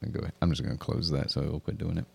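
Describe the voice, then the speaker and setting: Deep, gravelly male podcast co-host. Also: little pitch movement, fast talker, no echo. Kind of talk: casual chat.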